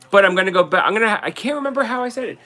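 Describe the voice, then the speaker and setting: Jersey-accented male livestream host, fairly high, bright tone, rambling and chatty. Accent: New Jersey. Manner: rambling, chatty, laughs often. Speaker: livestream host selling collectibles. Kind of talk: casual livestream chat.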